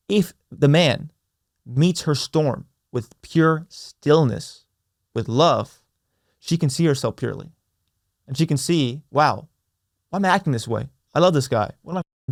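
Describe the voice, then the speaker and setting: A young man hosts his own podcast, talking in an earnest, reflective way. He circles back and repeats his key phrases with slow emphasis. His voice sits at an ordinary middle pitch, recorded close and dry with no room sound. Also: darkish tone, no echo. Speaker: podcast host. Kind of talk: reflective solo podcast talk.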